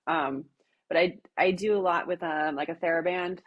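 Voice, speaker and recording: A middle-aged woman with a Wisconsin accent, talking casually as a podcast guest. Her voice is a little low and husky, and she fills her pauses with "um" as she works through her thoughts. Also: steady tone, lo-fi sound. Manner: many fillers and restarts, thoughtful. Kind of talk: casual interview chat.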